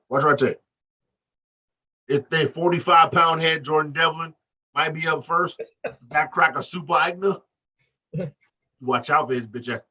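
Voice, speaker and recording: Animated man, bright, husky, off-mic. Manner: animated, profane, acts out quotes with big pitch jumps. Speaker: podcast co-host. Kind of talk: casual wrestling banter. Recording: distant mic.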